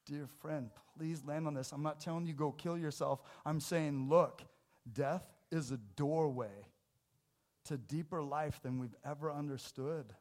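A man preaches a sermon in a church with a slightly higher than average voice. His delivery is casual and jokey, with sudden loud, emphatic bursts. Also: a little slow. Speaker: pastor. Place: church sanctuary.

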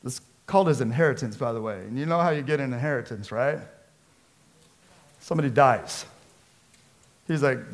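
A man, a pastor from the Seattle area, preaching a sermon with lively storytelling and acted-out quotes. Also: mid-range voice, moderate pace, long pauses. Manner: storytelling, animated, acts out quotes.

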